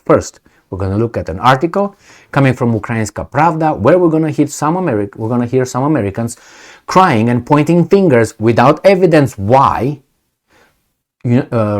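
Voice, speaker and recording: A man giving solo video commentary, sarcastic and mocking, firing off rhetorical questions. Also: medium pitch. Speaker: political commentator.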